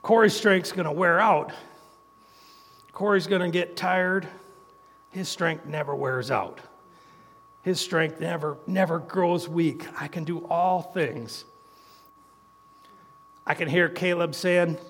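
A middle-aged man delivers a folksy sermon, chuckling between his points. His voice sits high for a man. A long reverb trails each phrase, as in a church hall. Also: takes it slowly, long pauses, a bit bright. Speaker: preacher.

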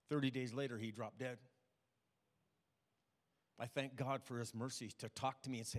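An older man preaching a sermon, telling personal stories in a plain, halting way. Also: mid-range voice, level tone. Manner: plain, halting testimony with restarts. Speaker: pastor. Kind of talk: storytelling sermon. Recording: long reverb of a hall.

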